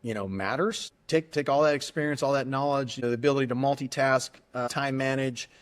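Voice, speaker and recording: A middle-aged man, a retired army aviator, talking casually and earnestly in an interview, often restarting his sentences. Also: mid-range voice. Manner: earnest, halting with many restarts. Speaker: guest, retired army aviator turned airline pilot.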